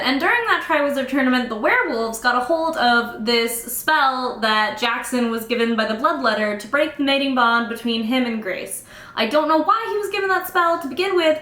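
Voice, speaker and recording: A young woman recapping a novel in casual, sarcastic, exasperated chat, acting out the characters in quick asides. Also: on the high side, pushed and bright. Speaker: book reviewer. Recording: echoey room.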